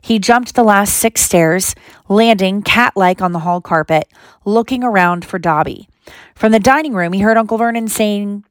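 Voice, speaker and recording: A woman, a mother, reading a storybook aloud to her child in steady narration. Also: mid-range voice, normal speed, dry recording, studio quality.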